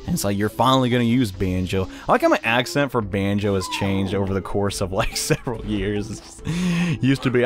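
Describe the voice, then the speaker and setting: A man's voice: mid-range voice, animated, fairly quick, soft background music. A man giving casual gameplay commentary, chatty and self-deprecating, laughing often at his own mistakes. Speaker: let's play commentator.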